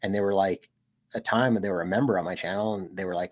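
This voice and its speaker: A man's voice: low-pitched, fast talker. Laid-back American guy rambling on stream. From United States. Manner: rambling, laid-back, peppered with "dude" and laughs. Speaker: streamer and channel host. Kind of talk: casual livestream chat.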